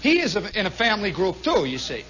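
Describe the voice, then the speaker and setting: A man, a radio host, telling a comic story live in a nightclub, animated and chuckling with lots of asides. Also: high-pitched, fast, a little hiss or hum. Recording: muffled 1960s live radio recording.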